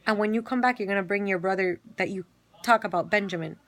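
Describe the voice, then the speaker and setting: A woman's voice: medium pitch, fast talker, a bit bright, no echo. A woman casually retelling a Bible story, filling it with quoted dialogue and everyday fillers.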